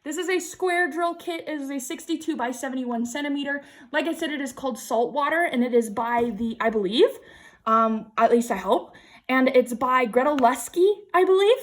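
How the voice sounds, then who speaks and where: A young woman vlogging an unboxing in casual chat, gushing and excitable, repeating exclamations and laughing often. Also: high voice, moderate pace. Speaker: crafting vlogger.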